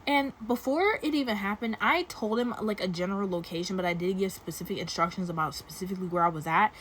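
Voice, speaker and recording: A woman's voice: medium pitch, quick pace, a bit bright, slight background noise. A young woman casually telling a story to camera, talking chattily with lots of "like" and dramatic asides. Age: young adult. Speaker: storytime vlogger. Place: dorm room.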